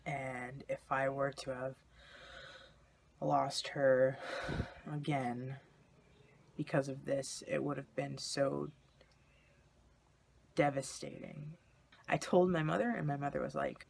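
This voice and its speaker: A man's voice: mid-range voice, steady tone, takes it slowly, creaky, long pauses, slight background noise. A young man candidly telling a personal story in a vlog, in a confessional way. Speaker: vlogger.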